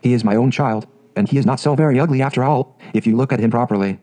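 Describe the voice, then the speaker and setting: A man voicing a fretful, prim mother duck in a storybook reading, with a mellow voice. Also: mid-range voice, quick pace, lightly acted. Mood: instructive. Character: fussy proud mother duck.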